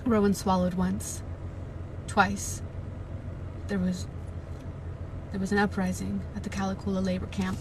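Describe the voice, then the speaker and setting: A woman on a live stream, reading a novel aloud and breaking into loud, panicked reactions and swearing, from inside a car. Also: medium pitch, completely flat delivery, unhurried, pauses often, slight background noise.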